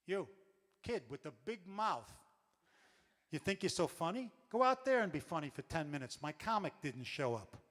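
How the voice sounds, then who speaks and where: A man's voice: on the high side, sing-song, normal speed, a bit bright, long reverb tail. A man voicing a brusque male booking agent who barks orders. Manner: curt, bossy.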